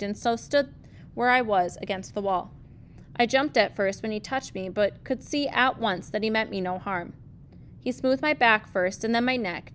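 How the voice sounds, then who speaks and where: A woman, a teacher, reading a novel aloud in a measured, gentle storytelling manner. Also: a little high, slight background noise.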